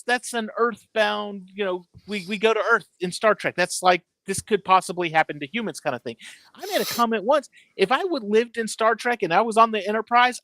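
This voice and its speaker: A man co-hosting a casual movie chat, telling stories in an animated, rambling way. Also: high-pitched, dry recording. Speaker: podcast co-host.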